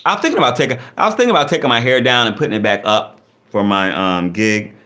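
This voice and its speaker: A man's voice: mid-range voice, quick pace. A man hosting a casual livestream, reading out chat comments and joking back with viewers. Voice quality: lively, animated delivery. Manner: reads chat comments aloud and riffs on them; playful, laughing, teasing.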